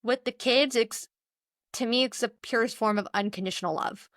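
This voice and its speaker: Woman, young adult, podcast co-host, rambling and earnest, fairly high voice, dry close sound. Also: moderate pace, fairly bright tone, dry recording. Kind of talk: casual chat.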